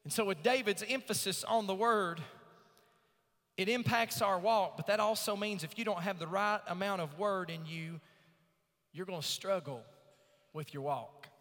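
A man preaching from the pulpit, his voice high and bright, cutting through. He reads scripture slowly and climbs into loud, emphatic swells. Long reverb from the church sanctuary hangs behind him. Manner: preaching with rising emphatic swells and slow drawn-out scripture reading. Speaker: pastor. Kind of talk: sermon.

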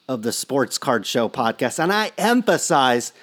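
A man's voice: mid-range voice, animated, unhurried, hardly any pauses. A man hosting a sports card podcast in a casual, rambling conversational way. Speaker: podcast host.

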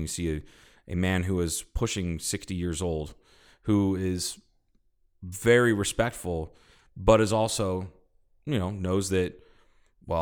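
A man co-hosting a podcast, telling a road trip story in casual chat, swearing freely and acting out quoted people. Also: low voice. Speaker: podcast co-host.

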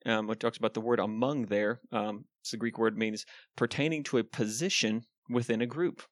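A man's voice: on the low side, fairly even intonation, normal speed, no echo, clean studio sound. A man preaching a sermon in an earnest, conversational way, with frequent ums and asides.

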